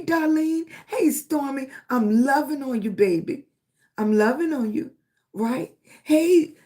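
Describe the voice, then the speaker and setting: A middle-aged woman speaks at an unhurried, easy pace in a voice pitched a little high. She hosts a livestream, mixing encouragement with fond shout-outs to viewers, calling them baby and sweetie and checking in with a steady "right?". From Virginia, USA. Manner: affectionate, calls listeners baby and sweetie, keeps asking "right?". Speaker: livestream host. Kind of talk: live-stream motivational talk and greeting viewers.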